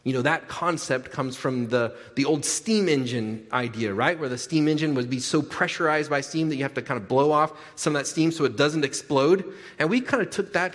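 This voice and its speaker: A man preaching a sermon as a pastor, animated, often repeating his words and checking in with the congregation. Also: fairly high pitch, moderate pace. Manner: animated, repeats words, asks the crowd "right?". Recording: long hall reverb.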